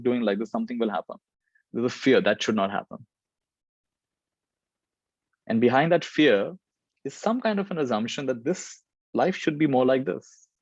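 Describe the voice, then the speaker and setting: A man's voice: mid-range voice, dry recording, lo-fi sound. A man giving a spiritual talk and answering questions, reflective and repeating phrases for emphasis. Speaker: spiritual teacher.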